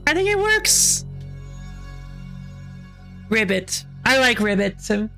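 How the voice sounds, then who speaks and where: A woman streaming a game with excitable, giggly commentary that breaks into panicky shrieks. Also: fairly high pitch, slow, faint music behind. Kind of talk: live gameplay commentary.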